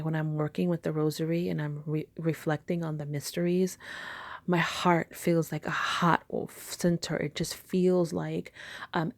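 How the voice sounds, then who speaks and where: A woman giving a casual, rambling spiritual talk, soft-spoken and sometimes dropping to a whisper. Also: deep voice, gravelly, dry recording. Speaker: spiritual teacher.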